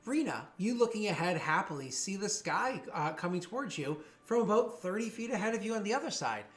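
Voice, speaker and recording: Male game master, slightly higher voice, rambling casual narration, drops into raised jeering voices for thugs. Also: big pitch swings, a little fast. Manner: rambling, many fillers and restarts.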